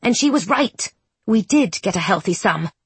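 A woman doing a breathy, brisk nun with a sharp tongue, pitched a little above the storyteller's voice. The husky delivery is close-miked and dry, suited to a storybook reading. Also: expressive, no echo.

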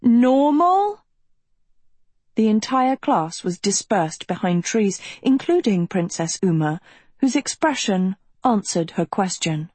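A woman narrating a dark fantasy storybook in a measured, dramatic way. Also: medium pitch, husky, no echo. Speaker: audiobook narrator. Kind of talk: scripted narration.

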